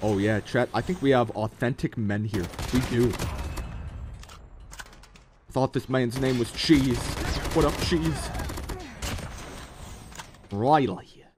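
A man's voice: medium pitch, takes it slowly, long pauses, background noise. A man streaming a mobile shooter game, giving hyped, slangy live commentary and talking to his chat. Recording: loud gunfire from the game behind the voice.

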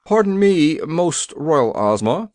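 A man's voice: fairly high pitch, very animated, slow, darkish tone, dry recording, clean studio sound. A man voicing a timid, fussy army general who is too polite and nervous.

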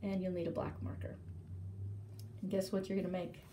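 A librarian reading a children's story aloud with expressive, animated delivery, then explaining a craft. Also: female voice, on the low side, normal speed, slight background noise.

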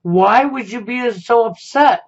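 A man's voice: extremely high pitch, a little slow. A man giving a confrontational monologue as a commentator, often ending his points with a pointed "okay?". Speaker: YouTube commentator. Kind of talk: accusatory monologue. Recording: dull lo-fi sound.

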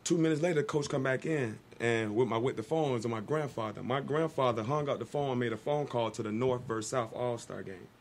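A man, a guest telling a long story in casual talk on a radio show, animated and acting out the people he quotes. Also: mid-range voice, a little fast, few pauses.

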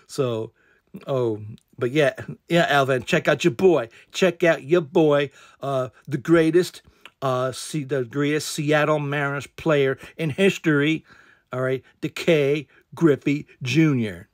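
A man's voice: on the high side, slow, dry recording, studio quality. A man hosting a casual card unboxing, rambling with lots of fillers and repeated exclamations.

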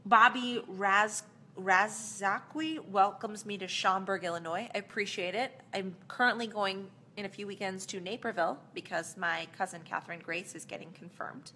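An actress casually answering fan questions in a live Q&A, chatty and rambling, with plenty of fillers and small laughs. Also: female voice, mid-range voice, normal speed, bright, forceful tone, slight background noise.

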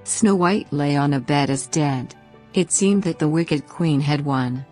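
Low-voiced woman reading a bedtime story. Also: faint music behind. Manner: slow, gentle, expressive reading.

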